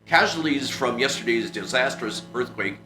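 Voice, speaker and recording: A man reading the lines of a male radio news announcer in a measured bulletin delivery. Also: mid-range voice, lively intonation, natural voice. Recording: roomy echo with music behind.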